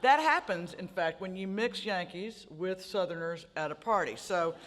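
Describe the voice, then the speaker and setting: A woman's voice: lowish voice, expressive, moderate pace, a bit bright. A woman from the Mississippi Delta, telling rambling, self-mocking stories as an author on a festival panel. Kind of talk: casual onstage storytelling. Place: large hall at a book festival. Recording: reverberant hall, stage mics.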